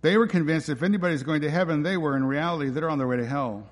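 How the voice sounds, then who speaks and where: A man's voice: a little high, quick pace, in a large hall. A man preaching a sermon as pastor, emphatic and driving, often posing rhetorical questions.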